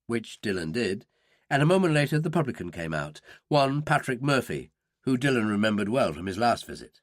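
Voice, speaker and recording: Lively male audiobook narrator, dry close mic. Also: brisk, dry recording. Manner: reads character voices with lively pitch.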